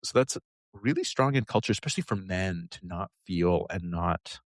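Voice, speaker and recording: A deep-voiced man speaks animatedly at normal speed in a studio-quality recording with no room sound. He's a habit coach appearing as a guest on a podcast, chatting casually and ramblingly and laughing often.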